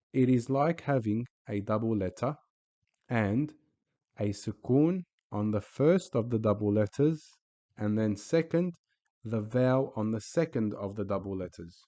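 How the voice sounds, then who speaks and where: A man teaching a lesson in a patient way, saying example words slowly and repeating them. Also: fairly low pitch, mellow, no echo. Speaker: Arabic teacher. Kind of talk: recorded teaching voice-over.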